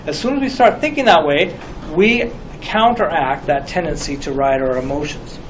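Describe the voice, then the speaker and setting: A middle-aged man with a high voice teaches about group communication. He talks in a reflective way and asks many rhetorical questions. A faint hiss sits under the recording. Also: lively intonation, normal speed, fairly bright tone, poor audio.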